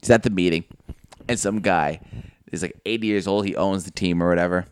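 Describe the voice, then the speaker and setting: A man's voice: low voice, fairly quick, smooth. A young man co-hosting a podcast, chatting casually, swearing and laughing often. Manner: laughs a lot, swears, does comic voices. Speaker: podcast co-host. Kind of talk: casual profane chat.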